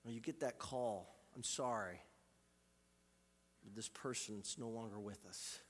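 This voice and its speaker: A man preaching a sermon as a pastor, swinging from loud, urgent calls to quiet, intimate passages and repeating phrases for emphasis. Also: lowish voice, unhurried. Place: church sanctuary. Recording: live church recording with long hall reverb.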